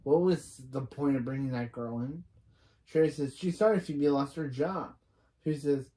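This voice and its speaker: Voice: medium pitch, moderate pace, dark tone. A reviewer casually recapping a TV episode scene by scene, stopping to correct themselves and adding personal opinions along the way. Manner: retells scenes line by line, with frequent restarts and opinion asides. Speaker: reaction reviewer.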